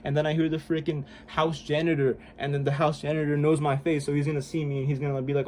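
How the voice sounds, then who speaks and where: Rambling young man, slightly high voice. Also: level tone, quick pace, darkish tone, a little hiss or hum. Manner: rambling, heavy use of "like" and "bro", self-conscious. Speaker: vlogger. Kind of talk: casual self-help vlog. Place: room indoors at home.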